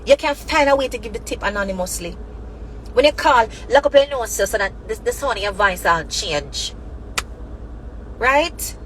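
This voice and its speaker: A woman's voice: a little high, expressive, normal speed, slight background noise, low-quality recording. A woman with a Jamaican accent giving impassioned spoken commentary as a channel host, emphatic and repetitive, mixing Patois and English.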